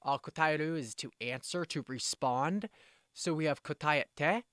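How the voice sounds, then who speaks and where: A man talks through vocabulary in a casual lesson, his voice smooth and resonant and set a little high. He explains at an easy pace, circles back to restate points, and acts out brisk example phrases. The sound is dry and close, with almost no room around it. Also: fairly bright tone, dry recording. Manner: explanatory, self-correcting, with brisk demonstrations. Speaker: language teacher.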